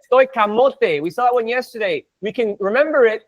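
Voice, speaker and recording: A man teaching an online Spanish class, energetic and playful, drilling words by repeating them. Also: extremely high pitch, fast, dull audio.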